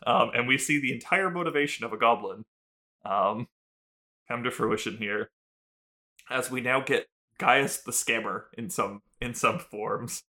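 A man's voice: medium pitch, a little slow, pushed and bright. A man co-hosting a podcast, recapping a TV episode in casual, rambling chat full of fillers. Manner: rambling, full of "like" and "um", laughing often. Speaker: podcast co-host.

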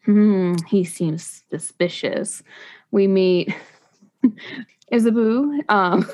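A woman's voice: mid-range voice, extremely slow, darkish tone. A woman co-hosting a casual book review podcast, talking in a chatty, rambling way and laughing often. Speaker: podcast co-host.

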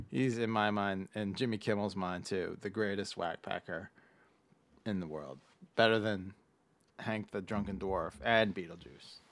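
A man co-hosting a casual podcast about movies, animated and given to quoting lines in loud put-on voices. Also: low voice, a little slow, no room sound. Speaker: podcast co-host.

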